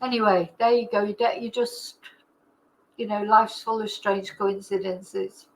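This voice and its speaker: A woman's voice: medium pitch, fairly even intonation, measured pace, gravelly, poor audio. A woman, reading a true crime account aloud and breaking off into emotional, tearful asides. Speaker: true crime channel host.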